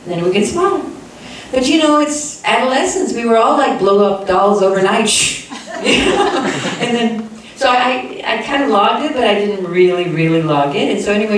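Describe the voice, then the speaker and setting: A woman from South Texas telling a personal story to a live audience as host, animated and acting out other people's voices. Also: mid-range voice, slight background noise. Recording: echoey live room from a distant mic.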